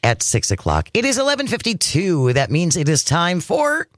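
An upbeat male radio co-host speaks in a fairly high voice that rises and falls a lot as he announces segments. He talks into a studio microphone, and the sound is close and dry with no room echo. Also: wildly swooping pitch, moderate pace. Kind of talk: morning talk radio banter.

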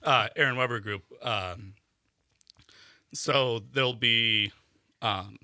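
A man's voice: mid-range voice, takes it slowly, pushed and bright, no room sound, clean studio sound. A man, a radio guest explaining a venue and directions in a plain, hesitant way with many ums. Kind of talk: casual radio interview. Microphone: studio mic, dry.

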